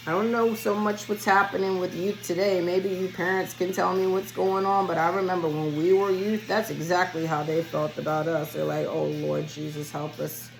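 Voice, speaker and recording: A woman's voice: lowish voice, rough recording. A woman giving a spiritual reading in a casual solo vlog, chatty and rambling as she talks straight to her viewers. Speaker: spiritual reader.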